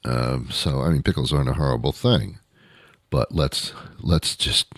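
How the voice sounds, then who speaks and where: A man's voice: a bass voice, moderate pace, dry recording, studio quality. A man hosting his own show, delivering a rambling, sarcastic comedic monologue with many self-corrections. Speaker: podcast host.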